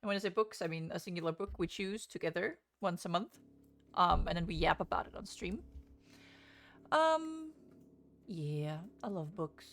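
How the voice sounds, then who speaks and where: A woman's voice: fairly low pitch, expressive, normal speed, a bit bright, faint music behind. A young woman hosting a casual book livestream, chatty and swearing freely as she greets her viewers. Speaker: book streamer.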